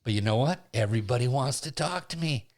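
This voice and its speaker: A middle-aged man hosting a studio chat, telling a comic story in a gregarious, animated way. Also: fast. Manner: animated, gregarious storyteller, big pitch swings. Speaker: podcast host and comedian.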